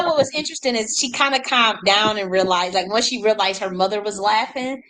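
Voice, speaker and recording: A woman's voice: medium pitch, fairly quick, hardly any pauses, a bit bright, poor audio. A woman hosting a reaction video, commenting casually on clips and often repeating herself while she hunts for words. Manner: rambling, repeats words while searching for them.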